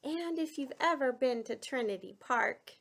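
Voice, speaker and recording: A woman in her forties, a pre-K teacher leading an online morning lesson for young children, speaking slowly and clearly in a sing-song way. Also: high-pitched, expressive, fairly bright tone.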